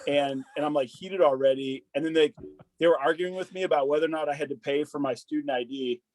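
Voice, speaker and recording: A man in his thirties with a voice pitched a bit high, talking in a dry, close room. He tells war and college stories in a loose, profane, rambling way, with plenty of "dude" and "like". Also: quick pace, a little mellow, no room sound, rough recording. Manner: loose and profane, full of "dude" and "like", restarts a lot. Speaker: podcast guest, army veteran. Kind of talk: casual conversational storytelling.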